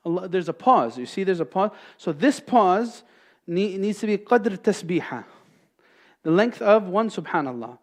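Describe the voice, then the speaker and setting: A man's voice: high voice, big pitch swings, normal speed. A man teaching a class at a mosque, explaining each point by asking questions and answering them himself. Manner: explanatory, asks and answers his own questions. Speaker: Islamic teacher. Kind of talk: classroom lecture.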